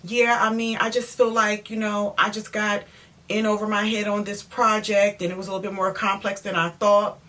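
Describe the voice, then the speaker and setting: A flustered, apologetic house painter who rambles and hurries through excuses, as a woman telling the story puts him on. He sounds rattled and eager to smooth things over. The voice sits a little higher than her usual talk. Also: little pitch movement, moderate pace, bright, forceful tone, far from the mic.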